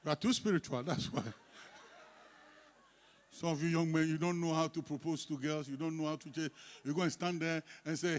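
Pastor guy, pretty high voice, reads scripture loud then drops to soft teasing asides with the church. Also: a little fast, a little hiss or hum. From Ghana. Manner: teasing, coaxing the congregation, swinging between soft asides and loud emphatic reading. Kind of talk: sermon with congregational call-and-response. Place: church sanctuary.

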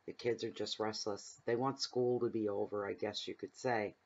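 A man's voice: lowish voice, steady tone, moderate pace, lo-fi sound. Chatty rambling man reading tarot. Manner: rambling, chatty, digresses into personal stories. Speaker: tarot reader. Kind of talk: casual tarot reading monologue. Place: home room at night, windows open.

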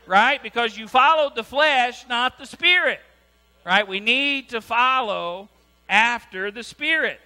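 A man's voice: extremely high pitch, takes it slowly. A man preaching a sermon as pastor, keeps asking the congregation "right?" in a church with a hum and long reverb. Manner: lively preaching, asks the congregation "right?" again and again. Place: church sanctuary.

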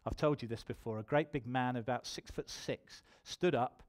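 A man's voice: mid-range voice, moderate pace. A man preaching a sermon in church, telling his own testimony and building to emphatic appeals.

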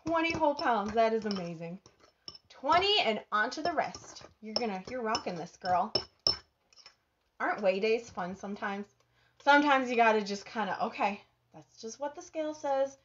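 A woman's voice: fairly high pitch, highs cut off, noisy background. Bubbly Minnesotan woman hosting a cooking stream. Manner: bubbly, chatty, reads viewer comments aloud. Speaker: cooking show host. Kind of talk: live cooking stream chat.

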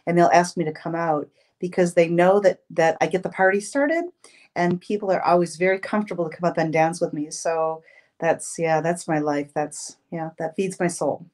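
Fifties woman, lowish voice, warm anecdotal podcast guest telling lively stories. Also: moderate pace. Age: 50s. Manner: storytelling, expressive, with restarts. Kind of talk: casual interview chat.

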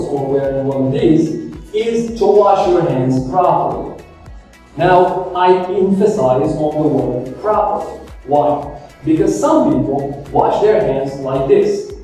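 A man's voice: on the high side, warm tone. A male teacher giving a classroom lesson, patiently quizzing students and repeating their answers. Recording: echoey classroom from far off, faint music.

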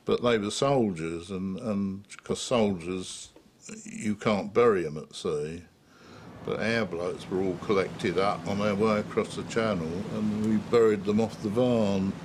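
Brief: elderly sailor, lowish voice, halting plain recall, faint hiss. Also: male voice. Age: older. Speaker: navy veteran interviewee. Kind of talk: reminiscing interview.

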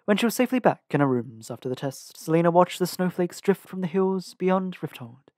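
A man narrating an audiobook with an expressive reading and lively shifts in pitch. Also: a little fast, dry recording, studio quality. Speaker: audiobook reader.

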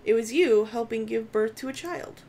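A woman's voice: a little high, moderate pace, warm tone. A woman co-hosting a let's play, chatting casually and reading dialogue choices aloud in a playful, reactive way.

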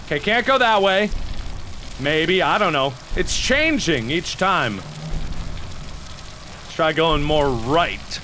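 A young man commentates a horror game into a mic at his computer. He is excitable, bursts into yells and jokes, and his voice is high and swings widely in pitch. He speaks at an unhurried pace. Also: a little hiss or hum. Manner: excitable, yelling and joking. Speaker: gaming video host.

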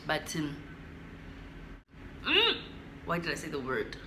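A young South African woman vlogs casually to her camera at home, telling a story animatedly while slipping between English and isiXhosa. Her bright, forward voice sits low, and she speaks slowly. The room is reverberant, with a faint background hum.

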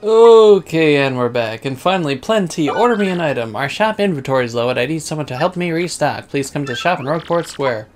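A man casually commenting on his gameplay, thinking out loud with frequent ums. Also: fairly high pitch, lively intonation, brisk, hardly any pauses. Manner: laid-back, thinking out loud with many ums. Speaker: let's play host. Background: game music.

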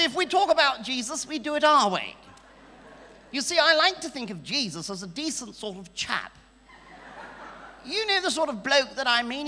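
A man's voice: very high-pitched, bright, forceful tone, a little hiss or hum, voice pushed up, exaggerated voice. A man preaching in church, putting on the voice of a reserved, stuffy middle-class Englishman in a prim, understated tone. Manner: prim, understated, mock-dignified. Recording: long church hall reverb.

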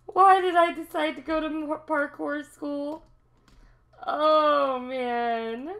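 A young woman hosting a gaming channel, giving excitable let's-play commentary, talking to herself and laughing often. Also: high voice, slow pace.

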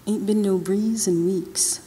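At an awards ceremony, a woman author reads her novel into a podium microphone, narrating in first person in a loose, drawling, colloquial voice. She speaks slowly with a steady, dark tone at medium pitch, and the large hall adds long reverb and slight background noise.

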